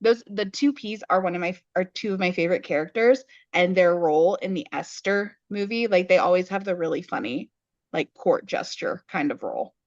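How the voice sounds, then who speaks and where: A woman co-hosting a podcast in casual chat, recapping a story in detail with wry, deadpan asides. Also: fairly low pitch, moderate pace, no echo. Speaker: podcast co-host. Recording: dull lo-fi podcast audio.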